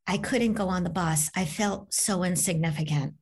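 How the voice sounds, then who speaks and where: A woman's voice: lowish voice, normal speed, husky. Woman author-guest, chatty storyteller, acts out the voices. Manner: animated, acts out voices in her stories. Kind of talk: conversational storytelling.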